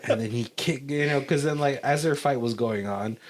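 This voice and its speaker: A man's voice: medium pitch, moderate pace, a little hiss or hum. A man co-hosting a casual movie commentary podcast, rambling through a plot recap, often searching for words and laughing between thoughts. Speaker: podcast co-host.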